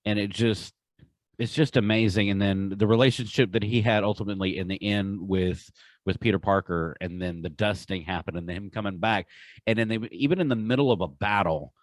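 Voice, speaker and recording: Speaking a little fast in a lowish voice, a man co-hosting a podcast chats casually, earnest and often hesitating with uhs. There's no room sound.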